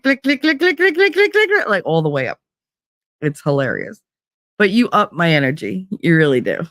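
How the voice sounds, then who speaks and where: A woman's voice: low voice, no room sound, studio quality. A woman casually chatting with her livestream chat, bubbly and teasing, laughing a lot and tired from little sleep. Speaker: livestream host reading chat.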